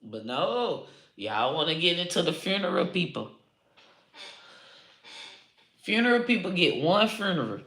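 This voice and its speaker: A woman comedian ranting to camera, loud and profane, swearing freely and laughing at her own jokes. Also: fairly low pitch, sing-song, moderate pace, echoey room. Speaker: comedian and online creator. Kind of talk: unscripted profane rant to camera.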